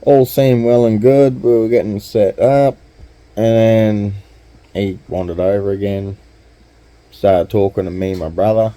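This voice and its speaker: Australian man, casual storytelling, deep-ish voice, very mellow tone. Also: steady tone, a little slow, poor audio. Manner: laid-back, chatty, slangy. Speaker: vlogger.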